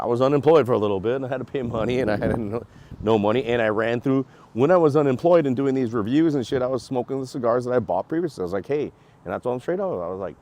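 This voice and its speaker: A man's voice: mid-range voice, darkish tone. A man reviewing cigars and beer, telling a rambling story in casual talk and acting out quotes with laughs.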